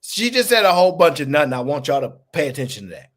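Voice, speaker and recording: Fast-talking, high-voiced young man ranting. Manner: animated, mocking, repeats himself, calls people sir. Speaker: live stream host. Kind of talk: heated commentary to a live chat.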